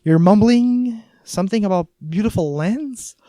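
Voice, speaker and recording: A man reading an audiobook, voicing a frazzled mother who shouts over the phone in a shrill, raised voice. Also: unhurried, no room sound, studio quality. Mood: shouting.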